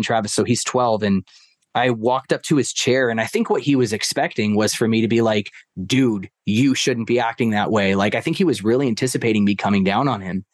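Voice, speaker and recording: A man on a podcast, telling a family story in a casual, animated way and acting out the quotes. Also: medium pitch, dry recording, clean studio sound. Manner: animated, acts out quotes of his stepson. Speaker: podcast guest.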